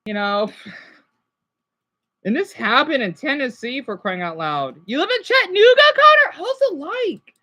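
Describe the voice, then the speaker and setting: A woman's voice: high voice, wildly swooping pitch, normal speed, sharp tone. A woman streaming live and chatting casually with her viewers.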